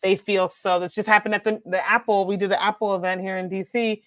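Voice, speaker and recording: A young adult woman, an author talking in a casual conversation, animated and quick to laugh. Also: medium pitch, dry recording. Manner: animated, laughs often, acts out voices. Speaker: author and speaker.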